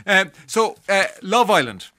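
A man's voice: high-pitched, big pitch swings, unhurried, bright, forceful tone, dry recording. A man hosting a radio interview, friendly and easygoing, given to rambling anecdotes. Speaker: radio host. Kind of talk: casual chat.

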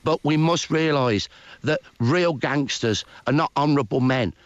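A man's voice: on the high side, measured pace, dry recording, muffled recording. A man with a Birmingham accent, a historian guest speaking earnestly in a radio interview. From Birmingham, England.

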